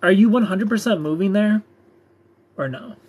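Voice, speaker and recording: A man's voice: sits high, normal speed, darkish tone, slightly rough. A young man hosting a live stream, joking casually and reading out viewer comments.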